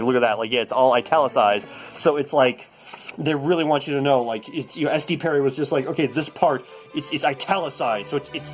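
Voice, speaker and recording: Stammering, deadpan man mock-reading a novel. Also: medium pitch. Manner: rambling, stammering, mock-serious. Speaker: comedy host.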